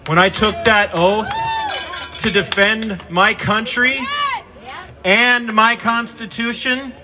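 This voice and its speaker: Fervent high-voiced man at a rally. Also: fairly even intonation, slow pace, crowd noise, background noise. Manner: fervent, addresses the governor directly, rises to shouts. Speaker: protest speaker. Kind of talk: impassioned rally speech. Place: outdoor street protest. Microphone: handheld microphone.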